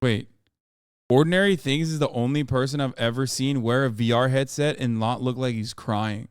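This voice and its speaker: Cursing animated guy streamer, smooth voice, dry close mic. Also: mid-range voice, normal speed, no room sound. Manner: profane, animated, riffing. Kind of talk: reacting to a video.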